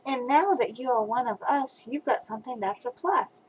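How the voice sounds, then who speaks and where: A woman reading aloud as a pair of kind, friendly horses, in a gentle, reassuring storybook voice. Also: a little high, lively intonation, moderate pace, slight background noise, lightly acted, poor audio.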